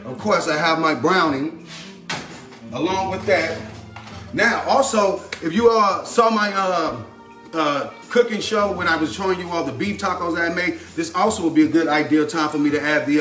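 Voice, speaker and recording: A chatty man with a fairly high voice talks viewers through a recipe at his stove. His voice is caught from a few steps away, bouncing around the kitchen. Music plays clearly behind him alongside the sizzle of the pan. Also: fairly bright tone, far from the mic. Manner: upbeat and chatty, repeats a catchphrase, talks himself through the steps. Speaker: home cook hosting his own cooking channel. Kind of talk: casual cooking demonstration. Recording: roomy kitchen echo, mic set back, music underneath. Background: music and frying sizzle.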